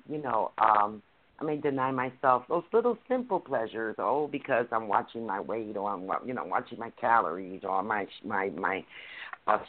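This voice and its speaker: Woman on a call, lots of um and you know, lively up and down voice, phone-y sound. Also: rumbling low. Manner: hesitant, full of fillers. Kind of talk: casual chat. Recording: tinny phone line.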